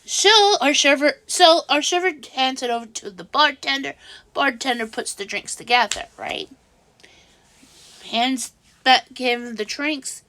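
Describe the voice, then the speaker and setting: A woman casually telling a story in a vlog, halting and restarting often, growing exasperated as she goes. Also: high-pitched, bright, forceful tone. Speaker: vlogger.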